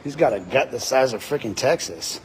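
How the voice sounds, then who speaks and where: A man hosting a livestream from a body-worn camera, ranting in a loud, deep voice, combative and profane. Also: lively intonation, brisk, slight background noise. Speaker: host, citizen journalist. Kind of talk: livestreamed rant. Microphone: body-worn camera mic.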